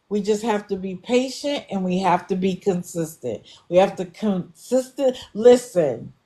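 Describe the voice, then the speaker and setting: A woman's voice: mid-range voice, a little mellow. A woman hosting a live stream, talking bluntly and with exasperation to her viewers. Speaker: livestream host. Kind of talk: casual commentary. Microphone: live stream setup.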